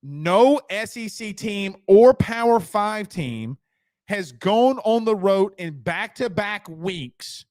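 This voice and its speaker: A man's voice: sits high, dry recording, studio quality. A man hosting a casual sports talk show, joking and rambling through viewer comments and repeating lines for emphasis.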